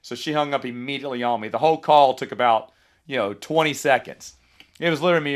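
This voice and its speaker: A man in his forties hosting a podcast, telling rambling nostalgic stories in a casual monologue with lively asides. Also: mid-range voice, quick pace. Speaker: podcast host.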